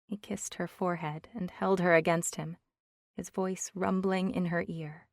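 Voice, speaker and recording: A woman narrating an audiobook in an even, measured reading. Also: on the low side, gravelly, dry recording, clean studio sound. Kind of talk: scripted narration.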